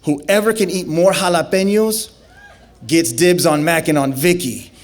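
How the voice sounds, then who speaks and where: A man voicing his laid-back, sly teenage cousin in a told story, with a slow, unbothered drawl. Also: fairly high pitch.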